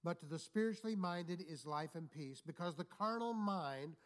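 A man's voice: fairly high pitch, expressive, normal speed, a bit bright. A man, a pastor, preaching a sermon with repeated phrases and call-and-response asides. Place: church.

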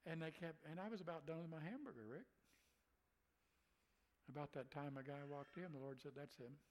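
A man's voice: fairly high pitch, normal speed, pauses often, a little hiss or hum, low-quality recording. A man, a preacher, telling a story in a folksy way, chuckling and acting out what people said. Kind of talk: telling a personal story in a conversation.

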